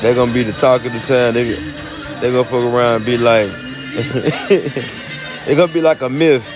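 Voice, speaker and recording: On a phone live stream, a man from the United States with a Southern accent chats casually, rambling with lots of fillers and laughter. His mid-range voice holds a steady tone at a moderate pace, with music in the background.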